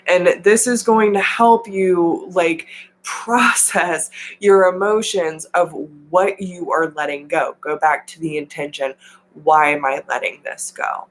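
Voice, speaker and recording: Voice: mid-range voice, steady tone, slow, rough recording. A tarot reader hosting a live reading, giving casual spiritual coaching in an affirming way, with slang and the odd swear word.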